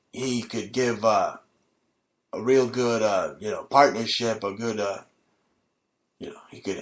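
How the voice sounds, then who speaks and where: A man hosting his own show, delivering a profane, rambling comedic rant. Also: mid-range voice. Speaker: host. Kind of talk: ranting comedic monologue.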